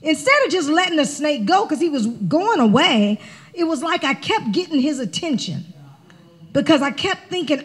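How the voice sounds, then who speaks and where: A woman spiritual director preaching a sermon, telling a personal story in an animated, conversational way. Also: high-pitched, normal speed.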